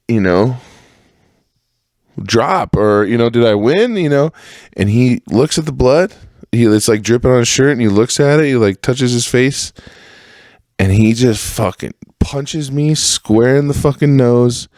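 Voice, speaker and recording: A man with a fairly low-pitched voice hosts a podcast alone, rambling casually and profanely through old stories. When he quotes other people he imitates their voices with animation, and the studio sound is clean with no echo.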